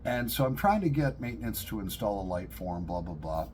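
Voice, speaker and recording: A middle-aged man, vlogging to camera and telling animated, joking stories, laughing at his own punchlines. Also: lowish voice, brisk, a little hiss or hum. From upstate New York. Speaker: pipe-smoking vlogger. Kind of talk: casual storytelling to camera.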